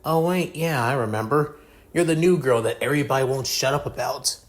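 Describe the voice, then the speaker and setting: Man voicing a sharp-tongued teen boy, sarcastic, cursing, irritable, fan storybook reading, rising a touch high when riled. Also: a little fast, natural voice. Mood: offhand. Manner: curses constantly, sarcastic.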